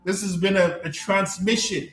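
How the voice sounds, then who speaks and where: High-voiced emphatic male live coach. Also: fairly even intonation, moderate pace, a bit bright, echoey room. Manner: emphatic, repetitive, checks in with listeners. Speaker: life coach hosting a live stream. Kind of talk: live stream talk answering chat.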